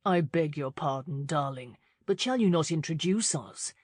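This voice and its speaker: Woman doing a jovial marquis, dry close voice, a touch lower. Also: expressive, moderate pace, dry recording. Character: genial male marquis, jovial and gallant.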